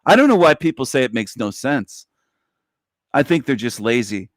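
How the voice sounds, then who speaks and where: A man delivering a live-stream monologue in an emphatic, preachy way, driving points home by repeating them. His voice sits at a medium pitch. The recording is dry, with no room sound. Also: big pitch swings, moderate pace, no echo. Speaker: livestream host.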